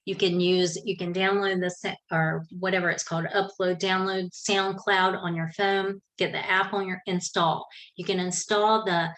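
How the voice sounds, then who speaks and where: A woman's voice: on the low side, level tone, moderate pace, few pauses, a bit bright, poor audio. A middle-aged woman from South Georgia with a Southern drawl, giving casual, folksy podcasting tips from her home office. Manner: chatty, self-correcting, folksy. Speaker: podcasting coach. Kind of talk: casual how-to talk. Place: home office with a fan running.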